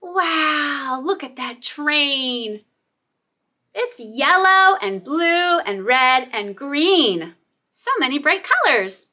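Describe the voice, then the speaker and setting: A woman hosting a toddler phonics lesson, drawing out letter sounds in a slow, sing-song way. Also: sits high, expressive, sharp tone. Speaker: children's teacher and host.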